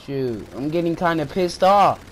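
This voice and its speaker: Frustrated gamer, swearing, lively swinging voice, shouted outbursts, unhurried. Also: mid-range voice, slight background noise. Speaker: gaming YouTuber. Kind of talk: live gameplay commentary. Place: at home.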